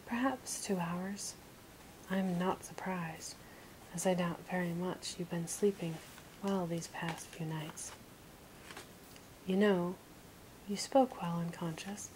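A woman voicing a composed young man who speaks politely with gentle teasing, as whispered role-play. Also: on the low side, fairly even intonation, slow pace, pauses often, a little hiss or hum, rough recording.

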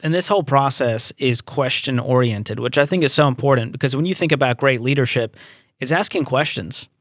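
A man hosting a business podcast, asking questions and affirming his guest in a measured way. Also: medium pitch, a bit bright, no echo, clean studio sound. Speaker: podcast host. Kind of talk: interview questions.

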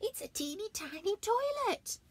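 A woman's voice: sing-song, normal speed. Alan, a woman doing a desperate little bear. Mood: pleading. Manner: high squeaky pleading voice. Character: desperate little boy bear, fidgety and pleading.

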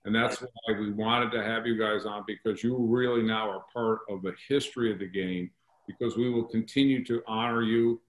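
A man's voice: fairly low pitch, fairly even intonation, normal speed, echoey room, poor audio. A man hosting a podcast interview, talking enthusiastically about history and honoring guests. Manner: enthusiastic, promotional. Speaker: podcast host. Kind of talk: interview chat.

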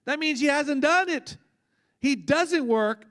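A man in his fifties, a pastor preaching in a relaxed, conversational way with personal stories and repeated words. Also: extremely high pitch, takes it slowly. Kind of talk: conversational sermon teaching.

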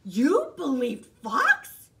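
A woman voicing a quick, sharp-tongued storybook hare who hollers in exasperation. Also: fairly high pitch, sing-song, far from the mic. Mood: incredulous.

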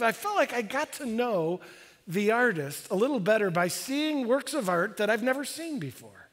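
A man in his fifties, a pastor preaching a sermon with animated, excitable delivery. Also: normal speed. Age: 50s. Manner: animated, bursts into high excited exclamations. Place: church sanctuary. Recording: long church hall reverb.

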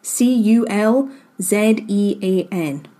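A woman with a medium-pitched, warm voice speaks slowly. She's co-hosting a podcast and presenting the story, chatting casually and laughing easily as she reads from her notes.

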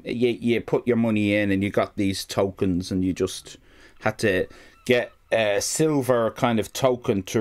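A man streaming live, telling a rambling, profane comic story and interrupting himself often. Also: on the low side.

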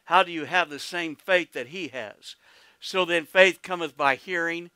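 With an Oklahoman accent, a pastor preaches in a folksy, exclamatory way, laughing easily, calling out to his congregation, and crying hallelujah. His slightly high voice is pushed and bright, measured in pace, clean and without echo.

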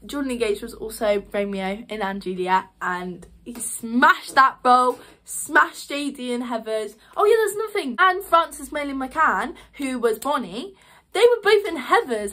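A woman's voice: a little high, sharp tone. A young woman reviewing a musical on her vlog, gushing and chatty, full of fillers. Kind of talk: excited casual review.

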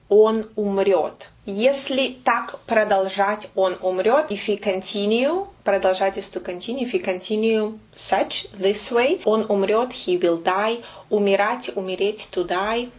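A woman runs a relaxed language lesson. She explains patiently and slowly repeats phrases, at an ordinary middle pitch. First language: Russian. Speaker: Russian teacher.

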